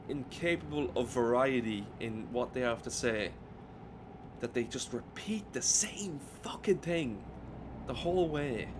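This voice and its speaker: A man's voice: medium pitch, noisy background. Irish man ranting while gaming. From Ireland. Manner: ranting, profane, rambling. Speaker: streamer. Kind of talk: casual gameplay commentary. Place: at home.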